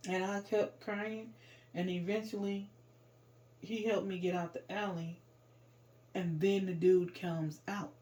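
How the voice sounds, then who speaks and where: A woman tells a painful story from her own life in plain, informal speech. Her talk is raw and emotional, and she rises to loud outbursts when she relives the worst moments. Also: medium pitch, little pitch movement, slow, long pauses. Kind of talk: personal storytelling.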